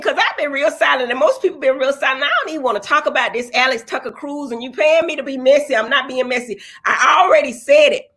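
A woman's voice: high voice, bright, forceful tone. A woman chatting bluntly on a casual livestream, reading viewer comments and answering them with profane, preachy advice.

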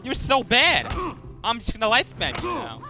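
Excitable trash-talking young gamer guy. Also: very high-pitched, normal speed, creaky, background noise. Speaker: gaming YouTuber. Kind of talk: casual gameplay commentary. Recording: game music behind. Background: game music.

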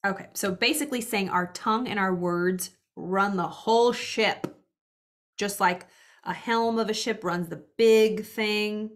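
A woman reads aloud from a spiritual book and pauses to comment in reflective asides to her listeners. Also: medium pitch. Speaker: spiritual book reader and teacher.

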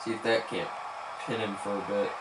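A man giving live commentary on his football video game, excitedly cheering on and scolding his players as he plays. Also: lowish voice, fairly quick. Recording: echoey room with background noise.

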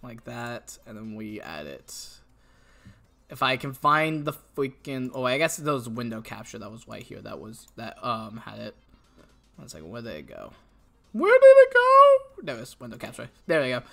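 A woman's voice: rumbling low, lively intonation, moderate pace, vocal fry, bright, forceful tone. A woman streamer chatting casually on a live stream, rambling, giggly and self-deprecating.

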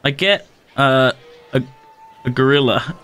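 A man's voice: medium pitch, a little slow, fairly bright tone, no echo, faint music behind. A man in a casual gaming chat with friends, playful and giggly, rattling off lists with delight.

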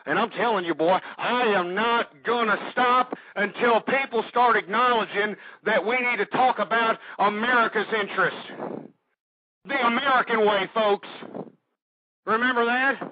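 A man's voice: high-pitched, unhurried. A man hosting an internet talk radio show, delivering a fervent, repetitive political rant with crude language. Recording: dull lo-fi internet radio recording.

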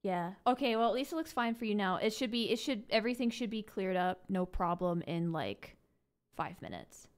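A woman streaming a video game, chatting casually with her viewers and reacting excitedly to the fight. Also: mid-range voice, normal speed, clear, resonant tone. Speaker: gaming streamer. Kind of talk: casual live gameplay commentary.

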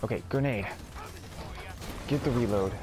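A man in his middle register giving casual let's-play commentary. He talks at an unhurried pace, chatty and self-deprecating. His reactions come as mild exclamations rather than curses. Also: mid-range voice, over music. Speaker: gaming video host.

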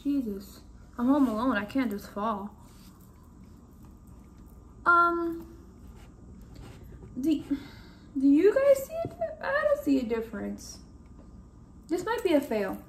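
High-voiced woman chatting animatedly to camera. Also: very animated, slow pace, pauses often, slight background noise. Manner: exclamatory, frank, chatty. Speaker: vlogger. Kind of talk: casual vlog talking to camera. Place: at home.

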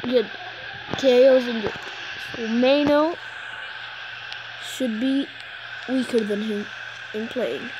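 Excitable young woman cheering a game. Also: on the high side, slow, pauses often, background noise. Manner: excitable, shouts at players, apologizes to viewers. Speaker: gaming channel host. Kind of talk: live mobile game commentary.

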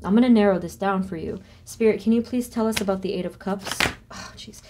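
A woman's voice: mid-range voice, a little fast, noisy background. A woman doing a solo tarot reading, thinking aloud as she names cards and asks spirit questions. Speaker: tarot reader.

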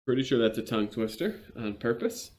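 A man's voice: medium pitch, big pitch swings, brisk, darkish tone. A man hosting a video game playthrough, chatting casually with dry, self-mocking jokes. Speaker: gameplay host. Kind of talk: casual let's-play commentary.

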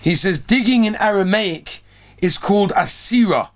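Earnest high-voiced male rabbi. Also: normal speed. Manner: earnest storytelling, builds emphasis. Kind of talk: sermon on prayer.

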